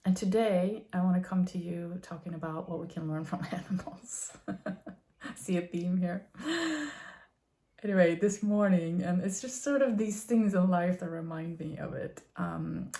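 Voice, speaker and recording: A vlogger in her thirties or forties offers her viewers a gentle, earnest spiritual musing, peppered with fillers and soft laughs. Her voice is lowish, creaky, and unhurried.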